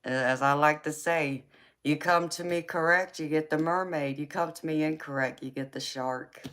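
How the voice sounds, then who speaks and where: A woman's voice: deep voice, fairly even intonation, normal speed, fairly bright tone. A woman chatting with viewers on a live tarot stream, teasing and folksy, laughing often. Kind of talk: casual live chat with viewers.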